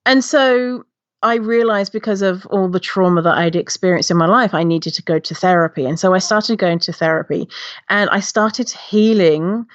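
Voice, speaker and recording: Animated female guest, low register, candid storyteller; dull, dry lo-fi recording. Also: normal speed, no room sound. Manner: animated, acts out her past reactions in a high voice. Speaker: podcast guest, body-image activist.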